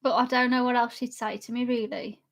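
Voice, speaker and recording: A woman's voice: a little high, level tone, fairly quick. A young woman live streamer chatting casually with her chat and laughing often while she drinks. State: drinking alcohol.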